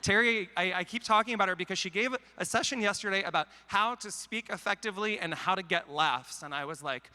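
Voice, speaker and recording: A man's voice: high voice, pushed and bright. A man from Canada giving a comedic, self-deprecating conference talk into a handheld mic in a large hall. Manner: wry, self-deprecating, quick jokes. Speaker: conference speaker.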